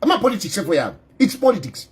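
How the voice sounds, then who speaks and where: A Zambian man giving an impassioned political monologue, fiery and repetitive, stumbling over restarts and raising his voice to a shout at times. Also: sits high, sing-song, fast. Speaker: politician and activist.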